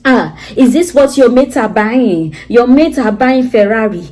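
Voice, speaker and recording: Scornful, grumbling young wife, put on by a woman vlogger, fairly high voice. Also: expressive, a little slow, mellow.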